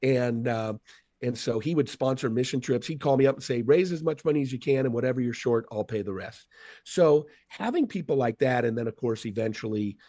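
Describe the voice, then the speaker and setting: A man in his fifties telling stories from his career as a podcast guest, earnest and lively, acting out what others said. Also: mid-range voice, brisk, no echo, clean studio sound. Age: 50s. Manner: earnest, animated storyteller acting out quotes. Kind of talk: storytelling in a podcast interview.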